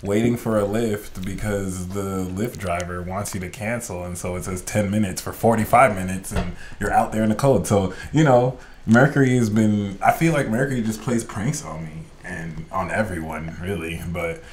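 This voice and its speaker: A man hosting a podcast in casual chat, joking and animated. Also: normal speed, few pauses, slight background noise. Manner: animated, joking, swings in pitch. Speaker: podcast host.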